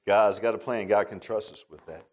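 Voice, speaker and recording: A man's voice: lowish voice, moderate pace. A man teaching a Bible study class in a casual, folksy sermon style, often asking his listeners questions.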